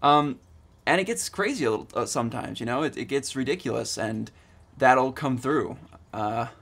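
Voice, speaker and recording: A man's voice: medium pitch, expressive, normal speed, gravelly, a bit bright, slightly rough. A man in his twenties vlogging casually, rambling eagerly with lots of fillers and restarts. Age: 20s. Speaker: student vlogger. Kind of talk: casual vlog.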